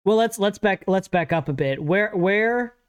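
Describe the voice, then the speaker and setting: A man from Alabama hosting a casual livestream podcast, joking and laughing between quick asides. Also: high voice, expressive, clean tone. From Alabama, USA. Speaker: podcast host.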